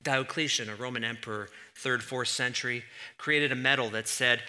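A man preaching a sermon as pastor in a church, acting out voices with sudden loud jumps. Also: mid-range voice, normal speed. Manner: animated, acts out God's voice with sudden loud jumps.

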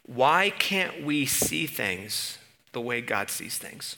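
A man preaching a sermon in an animated way, asking the room questions and building to emphatic peaks. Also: medium pitch, slow, gravelly.

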